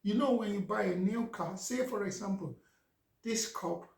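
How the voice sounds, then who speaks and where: A man's voice: high voice, moderate pace, gravelly, darkish tone, reverberant. A man, a vlogger telling a casual story and talking straight to his viewers. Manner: anecdotal, addresses viewers directly.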